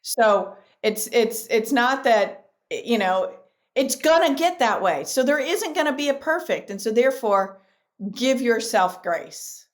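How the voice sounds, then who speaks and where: Middle-aged woman, podcast guest, slightly raised pitch, emphatic animated storyteller. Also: unhurried. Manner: emphatic, repeats key phrases. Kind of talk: podcast interview.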